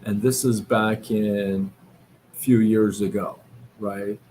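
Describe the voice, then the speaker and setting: A man talks unhurriedly on his live stream, his voice sitting a little low and his thoughts unfolding with fillers and restarts. A faint hum of room noise sits behind him. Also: flat delivery, darkish tone. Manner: slow, reflective, with many fillers and restarts. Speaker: livestream host. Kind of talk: casual motivational talk. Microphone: live-stream setup.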